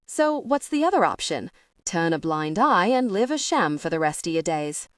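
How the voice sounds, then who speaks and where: A woman's voice: fairly low pitch, big pitch swings, moderate pace, no echo, clean studio sound, distant mic. A woman voicing a blunt, knowing middle-aged male cab driver with a South London accent. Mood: matter-of-fact. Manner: blunt, knowing, matter-of-fact.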